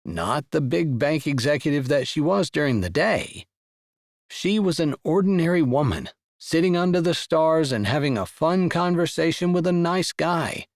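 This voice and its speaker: A man narrating a romance audiobook in an expressive storytelling voice. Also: on the high side, moderate pace, no room sound, clean studio sound.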